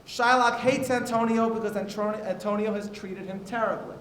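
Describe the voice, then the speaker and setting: Male moderator, higher voice, reading prepared notes with "uh" fillers; roomy hall sound. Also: steady tone, moderate pace, fairly bright tone. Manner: reads quotes aloud with frequent "uh" fillers. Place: university auditorium. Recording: echoey hall with faint noise.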